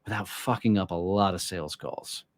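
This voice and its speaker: A man's voice: deep voice, moderate pace, no room sound. A man, a guest sales trainer on a podcast, telling blunt stories and swearing freely in casual conversation.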